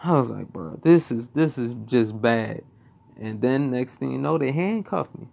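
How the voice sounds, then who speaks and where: A young man tells a story from his own life in a loose, rambling way. He swears freely and often circles back over the same words. His voice is gravelly, with a rough crackle at mid pitch. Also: lively intonation, a little slow, a little mellow. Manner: swearing, rambling, repeats himself. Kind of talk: casual personal storytelling.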